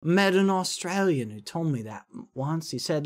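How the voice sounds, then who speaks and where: A man's voice: fairly high pitch, expressive, normal speed, hardly any pauses. A man streaming live, chatting casually in a rambling, jokey way.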